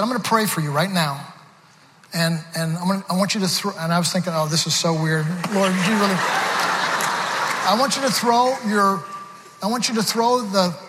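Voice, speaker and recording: A man's voice: high-pitched, fairly bright tone. A man preaching a sermon, telling stories with laughter and frequent restarts. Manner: storytelling with laughs, many restarts. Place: large church hall. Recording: reverberant hall with crowd noise.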